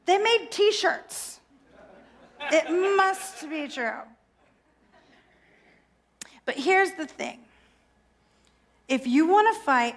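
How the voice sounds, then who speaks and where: A woman's voice: high voice, a bit bright. A woman minister preaching a sermon in a playful, self-mocking, theatrical way.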